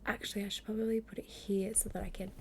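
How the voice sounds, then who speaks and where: A woman streaming live from home at a desk microphone, reading aloud and chatting in a gentle, wry voice that often drops to a half-whisper. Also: mid-range voice, level tone, fast, a little hiss or hum. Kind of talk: soft-spoken stream reading and chat.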